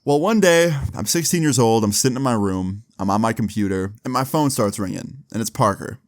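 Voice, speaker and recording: Man with a low voice and a dry, close sound, relaxed and profane, for a storytime vlog. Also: brisk, dry recording. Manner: laid-back, swears often, fills with 'like'. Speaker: storyteller vlogger. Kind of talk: casual storytime.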